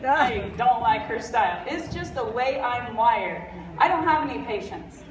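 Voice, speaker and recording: A woman's voice: high voice, expressive, normal speed, crowd noise. A middle-aged woman giving a blunt, fired-up, jokey motivational talk from a convention stage, sounding stuffy and congested. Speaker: convention speaker. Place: large convention hall. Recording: roomy hall audio from far off.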